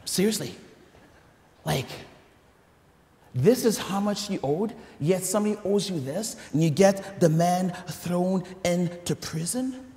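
A man preaching a sermon in a large church hall, animated and conversational, with stumbling restarts and asides to the congregation. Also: high-pitched, slow pace. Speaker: pastor.

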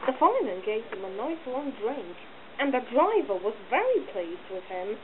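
A woman reads a storybook aloud, animated and fond of sound effects. Her high voice swings widely in pitch. The sound is thin and phone-like with loud noise behind it. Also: normal speed.

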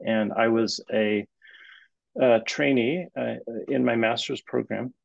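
Middle-aged male guest therapist, gravelly and raspy, animated storyteller with restarts, dull lo-fi video-call sound. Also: mid-range voice, no echo. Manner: animated retelling with halting restarts. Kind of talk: storytelling in an interview.

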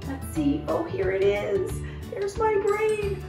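A woman leading a children's movement and song lesson from her home, speaking in a slow, encouraging sing-song way. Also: high voice, sing-song, music in the background. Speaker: children's movement and music leader. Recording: echoey room, mic at a distance.

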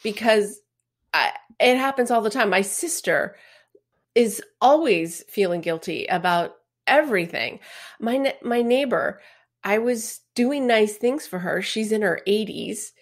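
A woman's voice: mid-range voice, animated, unhurried. A woman co-hosting a podcast, chatting with humor and acting out little exchanges. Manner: chatty, humorous, acts out quotes. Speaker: podcast co-host and writer. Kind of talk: casual conversational chat.

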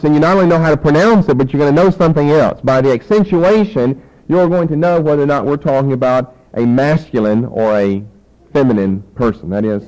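In a low-quality recording, a Bible teacher with a fairly high, slightly mellow voice lectures to a class. He works through ideas step by step with rhetorical questions, and his voice fades whenever he turns to write on the board.

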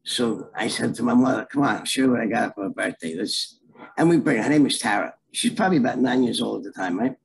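A man's voice: mid-range voice, fast, vocal fry, slight background noise, rough recording. A middle-aged man telling a story in a casual, streetwise way and acting out the voices in it. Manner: animated, streetwise, acts out voices in his stories. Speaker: storyteller guest.

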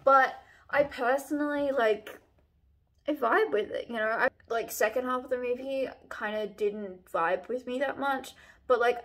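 A young woman chatting casually on her own channel about books she is reading, rambling with lots of fillers and restarts. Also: fairly high pitch. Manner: relaxed, chatty. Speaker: book vlogger. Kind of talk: casual book review chat.

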